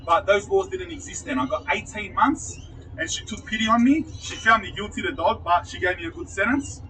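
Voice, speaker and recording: A man's voice: sits high, brisk, sharp tone, distant mic, a little hiss or hum, poor audio. Slangy Australian man telling a story. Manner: rambling, slangy, swearing, laughs at himself. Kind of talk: casual storytelling.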